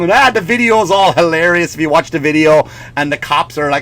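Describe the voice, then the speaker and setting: A man's voice: a little high, lively intonation, quick pace, hardly any pauses, fairly bright tone. A male comedian and podcast host delivering a profane, sarcastic comic rant, possibly, slipping in mocking voices.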